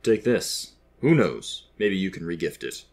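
A man voicing a kind departed father who speaks calmly and lovingly in an audio storybook. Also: low-pitched, a little slow, gravelly, heavily acted. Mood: gentle.

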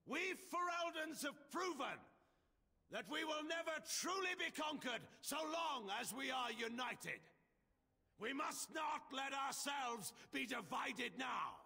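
Loghain, a gravelly stern general. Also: male voice, very high-pitched, lively intonation, slow, bright, forceful tone, heavily acted. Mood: rallying. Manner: speechmaking, rallying, defiant. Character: stern older male general, commanding. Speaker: war leader addressing nobles. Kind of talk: video game voice acting. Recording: game audio with long reverb.

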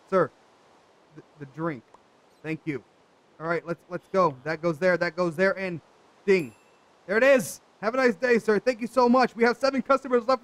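Young male gaming host, higher voice, loose running commentary straight to viewers. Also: fairly bright tone, poor audio. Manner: chatty, talks to viewers, jokey asides. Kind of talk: casual let's play commentary.

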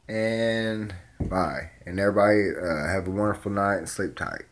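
A man's voice: fairly low pitch, moderate pace. A man speaking in a casual, rambling vlog message, sincere and full of fillers. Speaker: vlogger.

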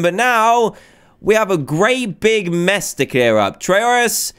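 A man hosting a video game let's play, excitable and chatty, exclaiming often. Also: fairly high pitch, moderate pace, clear, resonant tone. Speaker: gaming video host.

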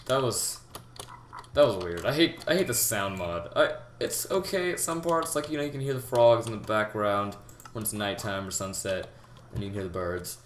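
A young man giving a rambling, halting game tutorial, full of fillers and restarts, talking as if out of breath. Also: on the low side, expressive. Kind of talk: casual gameplay tutorial. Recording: echoey room with loud background noise. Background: keyboard typing and mouse clicks.

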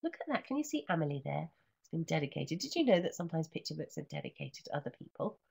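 Animated, husky woman reading a picture book. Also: deep voice, quick pace. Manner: animated, sing-song chanting of the refrain. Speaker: teacher trainer. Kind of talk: reading a picture book aloud with teaching commentary. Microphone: computer microphone in an online session.

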